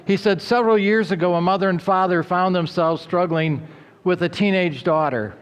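A man preaching a sermon as pastor, in an earnest, steady manner with a few filler uhs. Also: high-pitched, moderate pace, clean tone, long reverb tail. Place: church.

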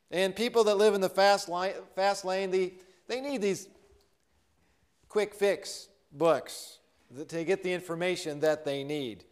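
A man's voice: sits high, smooth. An American man preaching a sermon as pastor, earnest and building on repeated refrains.

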